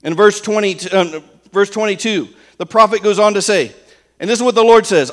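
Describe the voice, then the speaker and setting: A man preaching a sermon, emphatic and full of rhetorical questions for the congregation, slowing down to stress key lines. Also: high voice, a bit bright.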